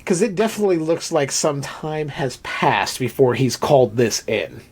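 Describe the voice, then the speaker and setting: A man co-hosting a casual podcast, recapping a film in an animated, profane way and acting out the characters' lines. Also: medium pitch, moderate pace, slightly rough. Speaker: podcast co-host.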